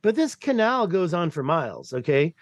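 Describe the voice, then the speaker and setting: A man from the United States talking in a rambling, excitable way as a podcast guest over a video call, swearing casually. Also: a little high, normal speed, no echo.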